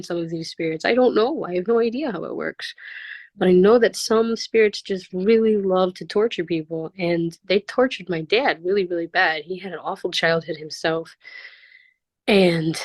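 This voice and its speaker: A woman's voice: fairly low pitch, no room sound. A woman guest in a casual interview, telling personal stories in an earnest, rambling way with many fillers. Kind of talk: casual conversational storytelling.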